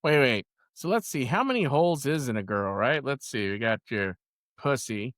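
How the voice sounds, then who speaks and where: A man's voice: medium pitch, expressive, normal speed, a bit bright, no room sound, studio quality. A man co-hosting a podcast, trading crude, laughing banter in casual chat. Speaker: podcast co-host.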